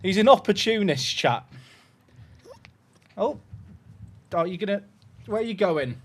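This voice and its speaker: A man's voice: high-pitched, expressive, a little slow. A man live-streaming and chatting casually, rambling and cutting himself off mid-word, cooing at his puppy between remarks. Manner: rambling, chatty, self-interrupting; coos affectionately at his puppy.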